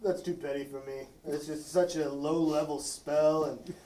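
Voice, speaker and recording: A man's voice: on the high side, steady tone, normal speed, warm tone, reverberant, distant mic, poor audio. A man playing a tabletop game, joking and boastful in his banter. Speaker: player. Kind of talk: casual tabletop play.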